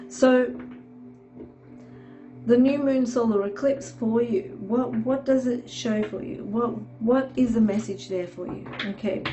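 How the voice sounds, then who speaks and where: A woman with a nasal, stuffed-up voice from a cold gives a meandering tarot reading to the camera, reassuring her audience and checking in with "okay" again and again. Her mid-range voice has a dark tone, and the recording is low quality.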